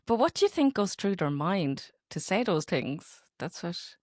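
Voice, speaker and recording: Incredulous woman co-host, low voice. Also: sing-song, a little slow, darkish tone, no room sound, clean studio sound. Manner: incredulous, agreeing, short laughs. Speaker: podcast co-host. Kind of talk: casual podcast chat.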